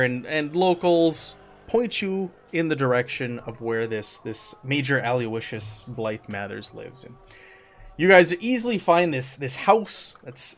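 A man's voice: medium pitch, fairly bright tone. A man narrating a tabletop role-playing game as game master, describing scenes with frequent restarts.

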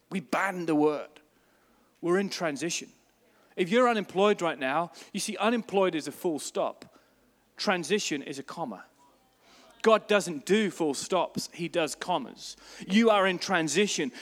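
A man's voice: high-pitched, moderate pace, a bit bright, long reverb tail. A man, a pastor preaching a sermon, telling stories with emphasis.

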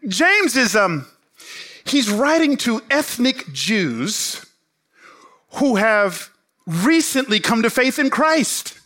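A middle-aged man, a pastor, preaching a sermon in an animated, joking way. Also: very high voice, takes it slowly.

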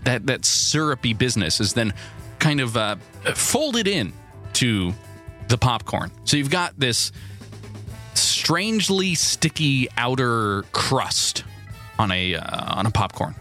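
A man's voice: mid-range voice, very animated, slow pace, pushed and bright, soft background music. A man co-hosting a morning show in casual chat, playful and teasing with rambling asides.

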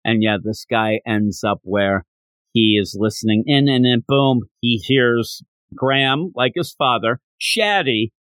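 A man hosting a podcast, casually retelling a manga chapter and jumping into quick character quotes. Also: mid-range voice, fairly bright tone, no echo. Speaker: podcast host. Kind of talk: casual manga recap chat.

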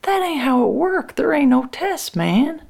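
A woman's voice: sits low, animated, a little slow, vocal fry, exaggerated voice. A woman voicing a worried plant worker who speaks in plain, folksy dialect. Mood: alarmed. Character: anxious working man, plant worker, stubborn.

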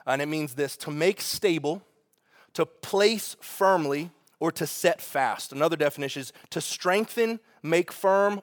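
A man preaching a sermon as pastor, animated and conversational, with asides to the congregation. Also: a little high, moderate pace.

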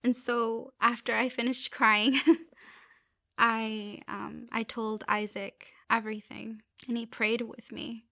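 Young woman with a high, narrow-ranged voice, telling a faith testimony earnestly, with halting restarts. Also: bright, forceful tone, dry recording, studio quality. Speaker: speaker sharing a faith testimony.

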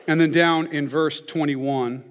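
A man's voice: a little high, fairly even intonation, a little slow, clean tone. A man giving a sermon in a conversational way, often checking in with "okay?" and "right?". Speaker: pastor. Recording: long reverb of a large hall.

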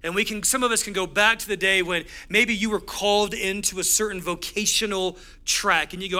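High, bright-voiced man preaching. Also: brisk, few pauses. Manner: energetic, conversational preaching with lively storytelling. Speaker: pastor. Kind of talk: sermon.

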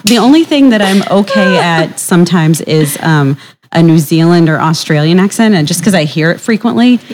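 A woman's voice: fairly low pitch, moderate pace, crowd noise. A woman chatting playfully and joking about her own attempts at accents. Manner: playful, lively, jokes. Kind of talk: casual chat.

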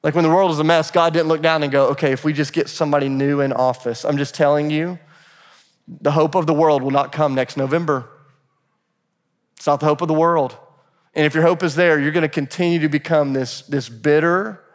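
A man preaching a sermon as pastor, emphatic and repeating phrases as he builds a point. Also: fairly high pitch. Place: church sanctuary. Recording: long hall reverb.

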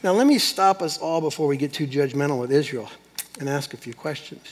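Guy preaching a sermon, kinda high voice, big echoey church hall, goes loud then quiet. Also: brisk, husky. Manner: emphatic, swinging from loud to hushed. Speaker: pastor.

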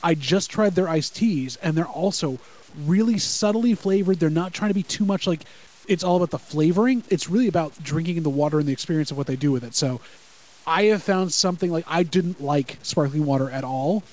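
A man co-hosting a casual wrestling podcast, rambling quickly and enthusiastically with the odd swear word, on a home mic over a group call. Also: fairly high pitch, a little mellow, rough recording. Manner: rapid, enthusiastic rambling with profanity. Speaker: podcast co-host. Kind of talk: casual live-reaction chat.

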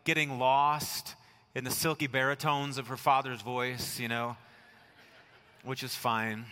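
A middle-aged American man preaching a sermon, telling family stories in a relaxed way and dropping to a soft hush to stress a point. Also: medium pitch, clear, resonant tone, long reverb tail. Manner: conversational storytelling, dropping to soft near-whispers for emphasis. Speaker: pastor. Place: church sanctuary.

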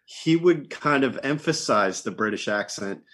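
A man's voice: medium pitch, expressive, unhurried, a bit bright. A father chatting casually on a podcast, amused and chuckling. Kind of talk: casual chat.

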